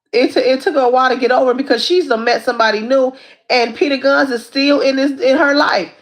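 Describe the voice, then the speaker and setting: A woman hosting a casual livestream, retelling a story in an animated, repetitive way with lots of asides to her viewers. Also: sits high. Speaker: livestream host. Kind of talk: casual recap of a reality show.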